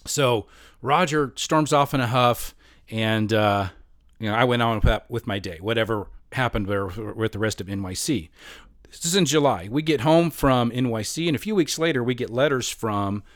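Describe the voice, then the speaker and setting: A man's voice: medium pitch, animated, normal speed, dry recording, studio quality. A man in his fifties telling a long personal story in a rambling, self-mocking way, often laughing as he talks.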